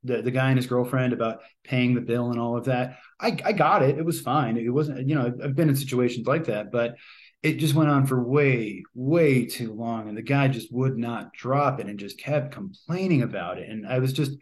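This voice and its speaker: A man talks through a film he watched in an easy, unscripted way. He rambles, hesitates with frequent ums and uhs, and often restarts his sentences. His voice sits at an ordinary middle pitch. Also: moderate pace. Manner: rambling, many fillers and restarts. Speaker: movie reviewer. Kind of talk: casual spoken movie review.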